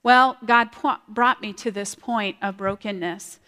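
Woman giving an earnest, halting testimony. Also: mid-range voice, steady tone, pushed and bright. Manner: halting, repeats words, earnest. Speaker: speaker sharing a testimony. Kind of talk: personal testimony talk. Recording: long hall reverb.

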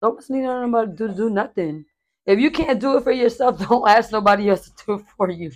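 A woman hosting a podcast, talking in a loose, casual way. Her voice sits a little high, and she is blunt and profane, getting animated as she tells stories. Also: brisk. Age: adult with a stepdaughter and son. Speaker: podcast host.

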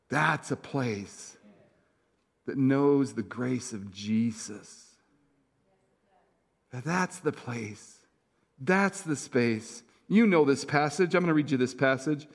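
A middle-aged man preaching a sermon as senior pastor, talking conversationally with asides to the congregation. He swings between loud, punchy lines and soft, slow, hushed ones. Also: medium pitch.

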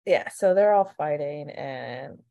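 Animated, foul-mouthed woman chatting. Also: sits low, slow, vocal fry, dull audio. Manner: animated, swears freely, acts out quotes. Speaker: podcast co-host. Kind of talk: casual chat recapping a TV show.

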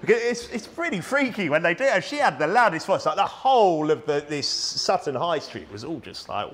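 A man's voice: fairly high pitch, very animated, normal speed, fairly bright tone. A man with a British accent preaching a sermon in a church, talking conversationally with frequent restarts and tag questions. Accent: British English. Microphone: plugged-in microphone.

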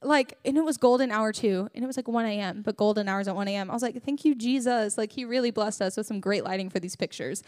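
A young woman giving a sermon, telling a story in a chatty, animated way with lots of filler words. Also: medium pitch, fast talker, few pauses, no echo, clean studio sound. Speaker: church speaker.

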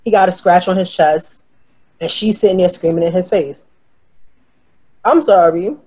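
A woman's voice: fairly low pitch, normal speed. Brash, profane woman from New York; casual storyteller who acts out the quotes. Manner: brash, profane, animated retelling with quoted voices.

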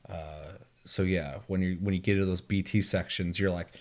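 A man in casual chat about a video game, telling animated stories with laughter, swearing and mimicked sounds. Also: deep voice, normal speed.

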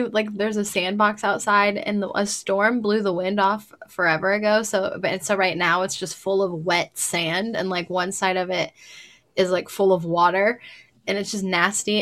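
A young adult woman in casual chat, telling animated stories with frequent laughter and swearing. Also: medium pitch.

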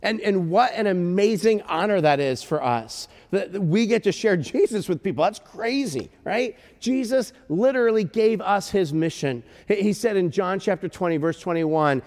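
A male pastor preaching a sermon, telling stories with emotion and breaking into shouts at times. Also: high-pitched, animated, moderate pace, few pauses. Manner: storytelling, emotional, with shouted bursts. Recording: long hall reverb.

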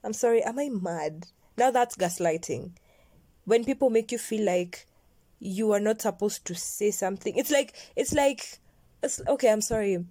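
A woman's voice: mid-range voice, lively intonation, moderate pace, mellow, no echo. A young woman, chatting casually to camera. She rambles from point to point and sometimes drops to a near-whisper. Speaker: vlogger.

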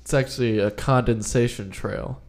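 A man's voice: medium pitch, steady tone, moderate pace. A man co-hosting a podcast, explaining a theory in a rambling, joking way. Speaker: podcast co-host. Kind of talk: casual podcast chat.

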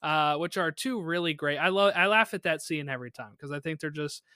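A man with a fairly high, bright and forceful voice talks through a TV episode in loose, rambling podcast chat. He laughs easily and leans on fillers as he goes. The sound is dry and close to the mic. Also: brisk, smooth, no echo. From United States. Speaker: podcast co-host. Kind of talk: casual episode recap chat.

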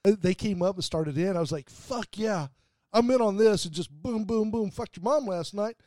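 High-voiced man telling rowdy stories. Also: moderate pace, no room sound. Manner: profane, animated anecdote-telling with acted-out quotes. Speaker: radio show host. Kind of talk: casual chat, storytelling.

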